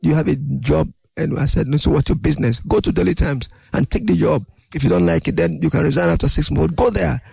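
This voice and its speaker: An older man, a guest in an interview, telling animated anecdotes and acting out other people's voices. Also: on the high side, fast talker, gravelly, few pauses, slightly rough, no echo. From Nigeria. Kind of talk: storytelling interview.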